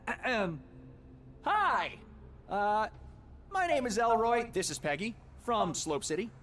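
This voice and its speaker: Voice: mid-range voice, very animated, slow, a bit bright, a little hiss or hum. An actor voicing a curious, eager boy adventurer in a game. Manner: eager, chatty.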